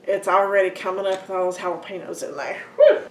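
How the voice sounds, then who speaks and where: A home cooking channel host chats casually with viewers, calling them guys and folks, as she works in an echoey kitchen. Her medium-pitched voice is fast with fairly even intonation. The recording is very noisy, with dishes and utensils clinking.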